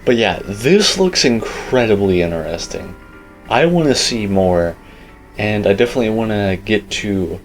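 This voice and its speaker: A man's voice: fairly low pitch, expressive, normal speed, faint music behind, poor audio. A young man giving casual, rambling commentary on a game teaser, opinionated and full of filler words. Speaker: gaming YouTuber.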